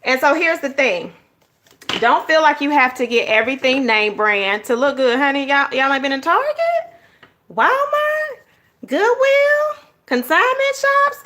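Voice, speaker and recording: A woman's voice: fairly high pitch, fairly bright tone, slight background noise. A woman hosting a casual planner-craft livestream, chatting to viewers as "y'all" and "honey.". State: out of breath. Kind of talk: casual livestream tutorial chat.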